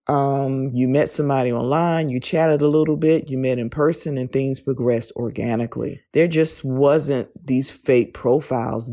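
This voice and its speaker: A man's voice: medium pitch, mellow. A man in his forties candidly telling a personal story in conversation, with lots of "you know" fillers. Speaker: interviewee.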